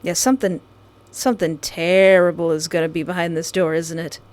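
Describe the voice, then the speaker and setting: A woman's voice: level tone, moderate pace, darkish tone. Dramatic young woman reading a visual novel. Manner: dramatic, bursts into shrill screams and playful asides. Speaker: let's play host.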